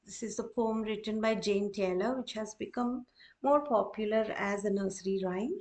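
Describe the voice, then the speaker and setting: A woman's voice: medium pitch, normal speed, darkish tone. A woman teaching a lesson, explaining patiently and repeating her points with frequent "okay, so". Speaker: English teacher.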